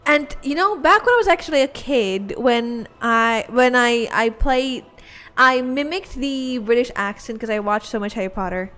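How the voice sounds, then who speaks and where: A woman's voice: fairly high pitch, normal speed, pushed and bright. A woman streamer chatting casually with her viewers, giggling and rambling with lots of filler words. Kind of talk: casual livestream chat.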